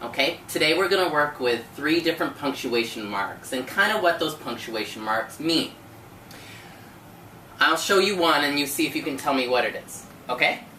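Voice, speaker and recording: Brief: low-pitched, bright-voiced woman teacher, patient and encouraging, recorded from across an echoey room. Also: lively intonation, moderate pace. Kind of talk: one-on-one tutoring lesson. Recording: echoey room from far off, faint noise.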